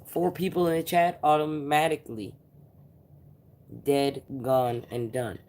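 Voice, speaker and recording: A woman's voice: deep voice, a little slow, a little mellow, slight background noise. A woman hosting a livestream, ranting angrily and confrontationally with a lot of swearing. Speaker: livestream host. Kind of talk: angry profane livestream rant.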